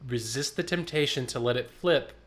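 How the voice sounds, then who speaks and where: Man leading a vocal warm-up. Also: medium pitch, moderate pace. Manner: coaching and demonstrating vocal exercises. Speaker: choir director.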